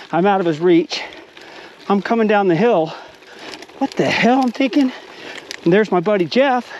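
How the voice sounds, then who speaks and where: A man casually telling a story outdoors on a mountain bike trail, animated and acting out the quotes. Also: sits high, slight background noise. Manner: animated, acts out quotes with rising shouts.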